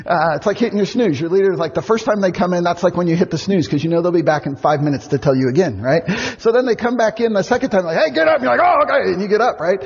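Husky middle-aged man preaching to campers. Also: sits high, fast talker. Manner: animated storytelling, acts out kids' voices. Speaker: camp speaker. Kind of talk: youth camp sermon. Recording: muffled sound with long hall reverb.

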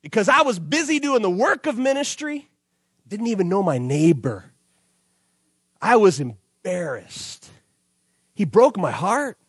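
High-voiced animated preacher man. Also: a little slow, long pauses, breathy edge, dry recording, studio quality. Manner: storytelling, animated, acts out dialogue. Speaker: pastor. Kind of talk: sermon with prayer.

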